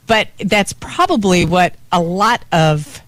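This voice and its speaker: Animated woman co-hosting morning radio. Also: lowish voice, slow. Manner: animated storyteller, acts out her mother's lines. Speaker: radio morning show co-host. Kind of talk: casual radio banter. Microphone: studio microphone.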